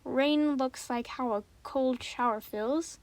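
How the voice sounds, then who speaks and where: A woman voicing a quiet young girl. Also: sits high, expressive, fast, creaky, no room sound, full character voice. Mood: subdued. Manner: soft, subdued, hesitant.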